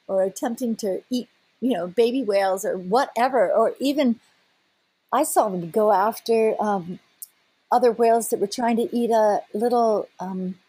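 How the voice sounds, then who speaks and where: An older woman with a husky, slightly high voice tells her story as an interview guest. She is animated and often restarts her sentences. The sound is dry and close. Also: dry recording. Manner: animated, breaks into laughter and restarts. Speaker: scientist guest. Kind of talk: recounting a personal story in an interview.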